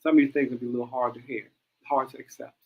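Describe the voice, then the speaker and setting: A man hosting a livestream, reading out phrases and commenting on them in an animated way, often repeating lines as he reads. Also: mid-range voice, racing, phone-quality sound. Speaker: livestream host.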